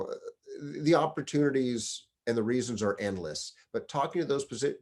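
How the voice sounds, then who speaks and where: Conversational middle-aged fire chief. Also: male voice, on the low side, darkish tone. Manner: conversational storyteller, acts out quoted dialogue. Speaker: deputy fire chief giving career advice. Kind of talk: casual advice talk.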